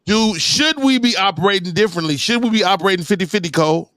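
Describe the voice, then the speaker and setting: Bright, dry-voiced male podcast host. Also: high-pitched, fast talker, smooth, no echo. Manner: animated, probing questions, profane slang. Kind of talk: casual podcast banter.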